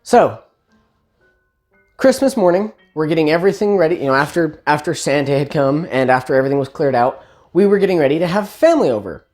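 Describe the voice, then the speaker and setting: A woman telling a family story in a chatty, casual way, pitched a little low. Her delivery swings widely up and down, with lively asides and self-corrections. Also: a little fast, soft background music.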